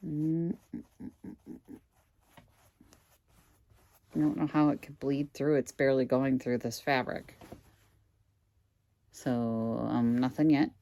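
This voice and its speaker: A woman's voice: very deep voice, fairly even intonation, slow, creaky, long pauses, warm tone. A woman reselling goods online, casually thinking aloud at home with wry asides to her viewers. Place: indoors at home.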